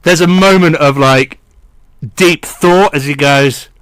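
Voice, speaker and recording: A man's voice: on the high side, slow pace, a bit bright, dry recording. A man narrating a tabletop game as game master in a casual, wry way, over a voice call. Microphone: headset or desk mic on a voice call.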